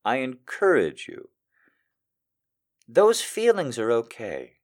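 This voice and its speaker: Animated man ranting and joking to chat. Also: medium pitch, takes it slowly. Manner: swings between soft earnest pep talk and loud joking rants. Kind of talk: casual live-stream chat and reading aloud.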